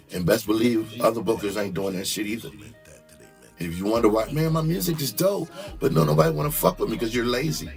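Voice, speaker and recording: A man who is a comedian and music artist, giving blunt, profane career advice in a casual monologue and reading out comments with animated storytelling. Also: lowish voice.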